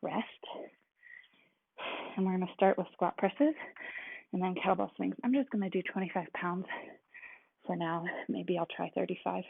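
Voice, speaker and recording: A woman's voice: lowish voice, moderate pace, creaky, pauses often, breathy edge, no room sound. Chatty woman coaching a workout, tinny sound. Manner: relaxed, chatty, with frequent fillers. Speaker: fitness instructor. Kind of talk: casual workout instruction. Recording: tinny, dry, phone-like sound.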